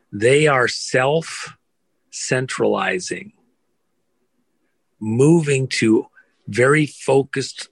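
A man's voice: fairly low pitch, creaky, a bit bright, husky, no room sound. A man delivering an impassioned, emphatic monologue, stacking phrases in rousing lists.

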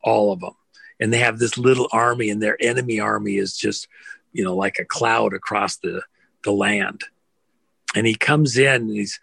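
A man's voice: on the low side, steady tone, normal speed, vocal fry, fairly bright tone, breathy edge, no echo. A man delivering an impassioned, emphatic monologue, stacking phrases in rousing lists.

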